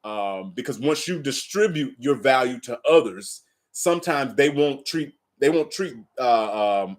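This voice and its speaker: A man's voice: mid-range voice, expressive, measured pace. Laid-back man hosting a live tarot stream. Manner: laid-back, talks straight to viewers, swears casually. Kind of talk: casual live stream chat and reading aloud. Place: at home in an apartment.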